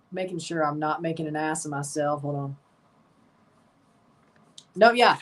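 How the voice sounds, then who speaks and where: A woman's voice: deep voice, measured pace, long pauses, far from the mic. A woman hosting a live match watchalong, chatting casually and calling the plays in short bursts.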